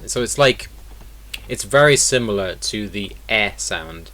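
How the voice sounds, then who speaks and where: A man's voice: on the low side, lively intonation, measured pace, sharp tone. A man teaching an online lesson in a casual way, explaining step by step and repeating example words. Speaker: accent teacher.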